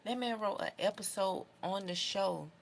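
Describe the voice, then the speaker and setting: A woman's voice: mid-range voice, moderate pace, creaky, slight background noise. A young adult woman vlogging casually to camera, talking in an emotional, heartfelt, rambling way. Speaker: beauty vlogger.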